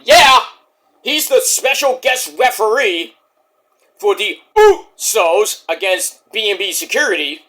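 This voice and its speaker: A man giving a casual wrestling event recap, animated and swearing freely. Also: high-pitched, slow. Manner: animated, swearing, acts out voices. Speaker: wrestling reviewer.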